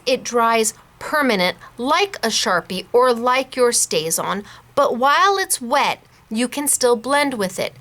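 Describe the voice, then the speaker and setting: A woman hosting a casual craft tutorial, chatty and bubbly and quick to laugh. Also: a little high, fairly bright tone. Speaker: host of a scrapbooking shop channel.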